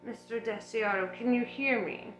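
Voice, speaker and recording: A woman voicing a hulking, gruff male bodyguard who mutters and whispers, read in a storybook audiobook. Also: a little high, normal speed, reverberant, faint music behind, natural voice, low-quality recording. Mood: hushed. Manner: hushed whispering.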